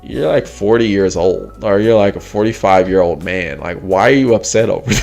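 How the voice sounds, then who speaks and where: A man in his forties talking casually as a host, laughing often and mimicking others in a mocking high voice. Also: normal speed, gravelly, a little mellow, faint music behind. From United States. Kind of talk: casual chat.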